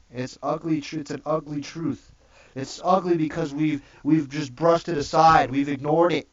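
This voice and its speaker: A man giving a preachy, profane livestream rant, repeating "okay?" after each point. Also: a little high. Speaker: livestream host. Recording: dull distant mic.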